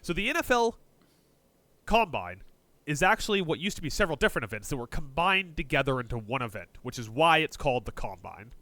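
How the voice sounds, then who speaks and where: Bright-sounding guy hosting a sports podcast, makes puns, curses a lot, super animated. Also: on the high side, brisk, no room sound. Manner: jokey, excitable, swears, punning asides. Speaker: podcast co-host. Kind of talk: casual sports podcast chat.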